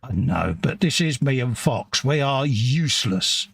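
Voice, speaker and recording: A man's voice: medium pitch, animated, a little slow, creaky, background noise. A man co-hosting a casual live stream, reading out viewer comments and greeting them by name. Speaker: co-host of a live modelling stream.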